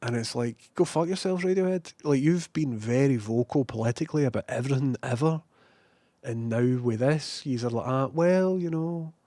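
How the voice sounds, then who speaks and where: A man's voice: mid-range voice, normal speed, no room sound. Sweary Scottish man chatting on stream. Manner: sweary, self-mocking, animated. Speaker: livestreamer reading chat. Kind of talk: casual rambling stream chat.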